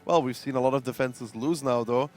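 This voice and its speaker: A man's voice: mid-range voice, brisk, a little mellow. A man giving esports analysis as co-caster, thinking aloud with frequent fillers. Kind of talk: esports commentary.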